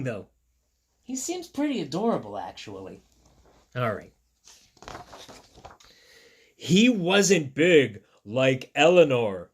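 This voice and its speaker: A man's voice: high-pitched, fairly bright tone. A man, a school teacher, reading a picture book aloud to children and chatting with them as he goes. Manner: chatty, talks straight to young listeners; playful asides and counting along.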